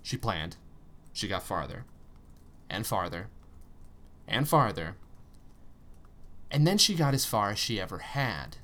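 A man narrating a story aloud in an expressive reading style, with tense pauses and strong emphasis. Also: fairly low pitch. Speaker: story reader.

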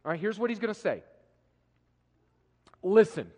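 A man preaching with a fairly high voice, swinging from forceful declarations to hushed lines. Long reverb trails each phrase from the hall he speaks in. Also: moderate pace. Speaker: pastor. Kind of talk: sermon.

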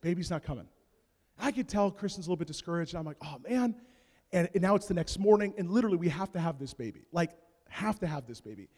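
A man with a fairly high voice preaches in a big hall, and his words ring out with a long echo. He tells his story with comic energy, going from quiet asides to loud bursts. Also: quick pace. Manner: animated comic storytelling, big swings in loudness. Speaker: pastor. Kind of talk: sermon. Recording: long reverb of a large hall.

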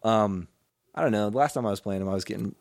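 A man's voice: lowish voice, fast talker, vocal fry, no echo, clean studio sound. Laid-back young man chatting. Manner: relaxed, says "dude" and "like" a lot. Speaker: podcast co-host. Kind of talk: casual chat.

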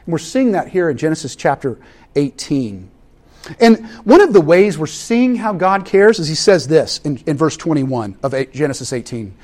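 Lively, animated male preacher. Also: a little high, normal speed. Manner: animated, acts out family scenes with voices. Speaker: pastor. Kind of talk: sermon.

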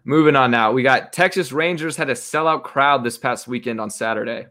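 A man's voice: mid-range voice, a little fast, pushed and bright. A young man co-hosting a casual sports podcast, easygoing and moving the talk from topic to topic. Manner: easygoing, steers to next topic. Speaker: podcast co-host.

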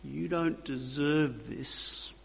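A man voicing the sly, soothing whisper of the devil, coaxing and flattering. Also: fairly high pitch, very slow, gravelly, slight background noise, exaggerated voice. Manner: soft, soothing, wheedling. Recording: long reverb of a hall.

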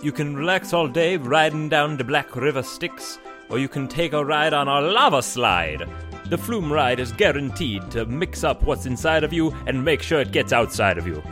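A man playing the Grim Reaper turns cheerful salesman, pushing a holiday in a put-on Jamaican accent. The pitch bounces high and lively like a mock radio spot. A faint bed of music sits underneath. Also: moderate pace, close to an everyday voice. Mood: salesy cheerful.

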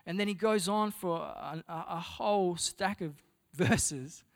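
A man, a pastor, preaching to a congregation. He often repeats words as he searches for the next thought, then rises to loud, emphatic passages. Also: high voice, measured pace, creaky. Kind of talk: sermon. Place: church hall before a congregation.

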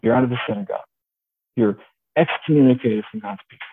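A man doing haughty religious leaders, all rules and indignation, lecturing from on high. The voice rides high over a thin, phone-like line. Faint hiss sits underneath. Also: fast talker, lightly acted. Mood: indignant. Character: pompous, rigid male religious leaders.

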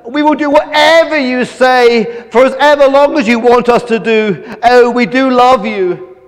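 A man's voice: very high-pitched, measured pace, big-room sound, pitched above the performer's own voice. A man voicing a gloating big-nosed villain. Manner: boastful, taunting, theatrical. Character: gloating male villain with a huge nose.

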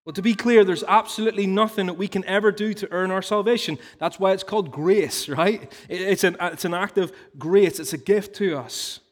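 A man's voice: high-pitched, brisk, hardly any pauses. A man preaching a sermon in an earnest teaching tone, explaining through stories and rhetorical questions. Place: church hall. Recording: long reverb of a large hall.

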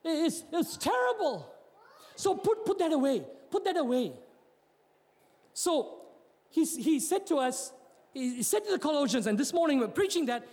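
A man's voice: very high-pitched, big pitch swings, unhurried, long pauses, darkish tone. A man preaching a sermon in a church, joking with the congregation and often repeating his words. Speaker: pastor. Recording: long hall reverb.

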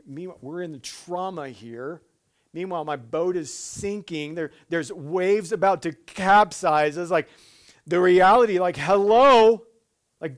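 Male preacher, sermon, slightly high voice, animated humor, quiet earnest stretches, frequent restarts. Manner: drops to a slow, quiet, earnest tone on solemn points.

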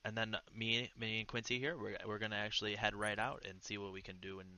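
Man in tabletop role-play, very bright tense tone, muffled lo-fi mic. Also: lowish voice, level tone, fast talker. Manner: eager, stammering restarts. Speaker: player voicing a detective.

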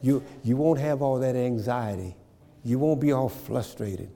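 A man's voice: mid-range voice, a little slow, mellow, in a large hall. A man preaching a sermon, repeating phrases and checking in with his congregation. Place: church.

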